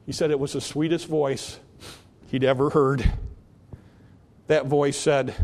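In a church sanctuary, a pastor preaches with a flat delivery in a mid-range, darkish voice, keeping a measured pace and pausing often. He earnestly repeats questions to the congregation, and the sermon leads into an altar call and a prayer he guides.

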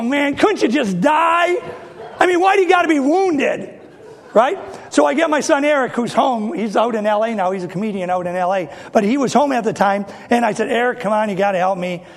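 A middle-aged man preaching a sermon, telling funny stories in an animated way and asking his audience questions. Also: high-pitched. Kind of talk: sermon storytelling.

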